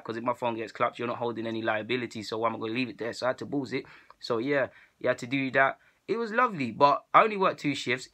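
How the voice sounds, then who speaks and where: Fast, bright-voiced young man. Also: a little high. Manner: animated, slangy, laughs at his own stories. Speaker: vlogger. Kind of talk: casual storytelling to camera.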